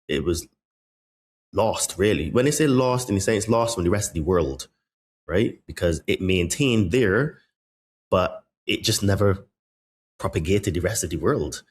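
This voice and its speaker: Deep-voiced male podcast host. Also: animated, slight background noise. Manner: measured, halting, with fillers. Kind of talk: podcast interview.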